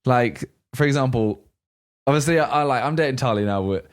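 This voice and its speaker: A young man co-hosting a podcast, telling stories in relaxed casual chat. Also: medium pitch, brisk. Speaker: podcast co-host.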